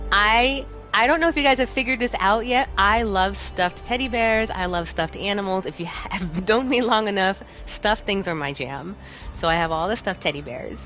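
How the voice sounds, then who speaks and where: A young woman streaming a game, chatting casually with her chat and a friend, bubbly and quick to laugh. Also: mid-range voice. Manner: bubbly, giggly, animated, talks to chat. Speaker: streamer and host. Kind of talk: casual chat while playing a game live.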